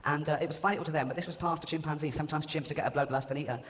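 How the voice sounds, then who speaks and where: A man's voice: a little high, steady tone, rapid-fire. A man performing live stand-up comedy, mocking and swearing as he mimics people, recorded in a large venue before an audience. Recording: echoey arena with loud crowd ambience.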